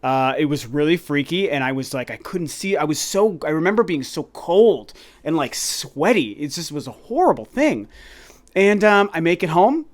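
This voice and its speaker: A man in his thirties, a gaming YouTuber, telling a long rambling story to his viewers in a casual, animated way. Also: a little high, moderate pace. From Colorado, USA. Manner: animated, rambling, addresses viewers as "you guys".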